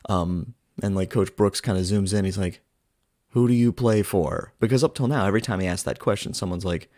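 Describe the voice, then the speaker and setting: Deep-voiced man chatting through a film review. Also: fairly even intonation, fast, darkish tone, dry recording, clean studio sound. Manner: chatty, many "like" fillers, acts out quotes from the film. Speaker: podcast host reviewing a film. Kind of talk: casual film review monologue.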